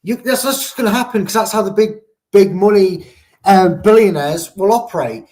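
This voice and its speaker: Joking man with a fairly high voice. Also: moderate pace, darkish tone. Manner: joking, rambling, uses playful made-up euphemisms. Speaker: co-host and pundit. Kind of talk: casual discussion.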